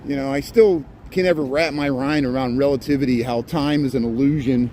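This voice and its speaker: A man's voice: mid-range voice, steady tone, a little fast, warm tone, a little hiss or hum. Chatty man live-streaming a city walk. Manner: rambling, chatty, reads out viewer comments. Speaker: live-streaming walking vlogger. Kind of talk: casual walking commentary to live chat. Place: outdoors on city streets at evening.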